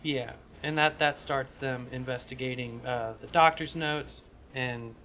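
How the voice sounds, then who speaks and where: A man talks through a script idea for his podcast, rambling and profane and restarting his sentences. His voice is bright and forward, and a faint hum of ambience sits behind him. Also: mid-range voice, fairly even intonation, measured pace. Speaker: podcast co-host. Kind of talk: casual chat pitching a script.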